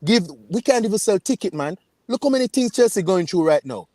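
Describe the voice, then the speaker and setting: Jamaican fan caller, high-pitched, dry close sound, fiery emphatic delivery. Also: male voice, expressive, a little fast, darkish tone, dry recording. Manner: fiery, emphatic, repeats "man" and "you understand". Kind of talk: passionate fan rant on a video call.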